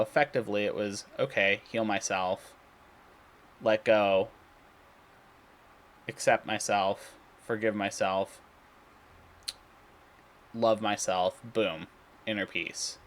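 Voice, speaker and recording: A man talking casually in a daily video diary, rambling and halting with many fillers, restarts and throat clearing. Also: on the low side, steady tone. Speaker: vlogger. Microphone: computer recording setup.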